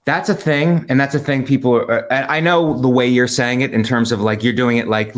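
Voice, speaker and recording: A man's voice: medium pitch, fairly even intonation, a little fast, few pauses. Rambling male comic on a video call. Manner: rambling, interrupts with jokes. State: over-caffeinated, short on sleep. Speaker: podcast co-host, comedian. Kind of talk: casual comedic chat.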